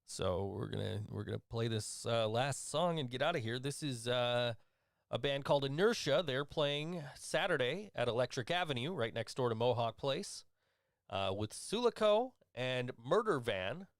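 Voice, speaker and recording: A man's voice: mid-range voice, expressive, normal speed, creaky, dry recording, studio quality. A man hosting a casual radio show, easygoing and hesitant, with many fillers. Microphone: studio mic.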